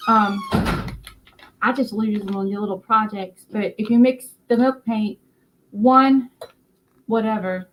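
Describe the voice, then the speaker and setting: A tired woman with a North Carolina Southern accent, hosting a casual craft live stream and rambling through her explanations with many fillers and halting words. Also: mid-range voice, slight background noise, rough recording.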